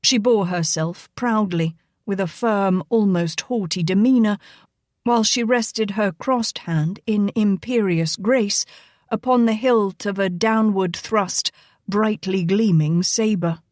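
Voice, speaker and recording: A woman narrating a historical romance audiobook in a measured storytelling manner. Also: medium pitch, darkish tone, no room sound, studio quality. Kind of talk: scripted narration.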